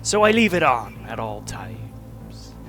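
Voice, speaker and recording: A growling fish-man lighthouse keeper who talks like an old sea pirate, all "yar" and gruff warnings about the deep, as a man puts him on in a tabletop game. his voice swoops up and down a lot and sits fairly high, with faint music playing underneath. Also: sing-song, measured pace, bright, forceful tone, full character voice. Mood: rueful.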